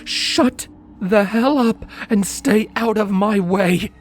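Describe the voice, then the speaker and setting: A man voicing a furious, volatile female unicorn who snarls and shouts her lines. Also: high voice, slow pace, soft background music, voice pushed up. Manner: snarling, shouting, spitting words.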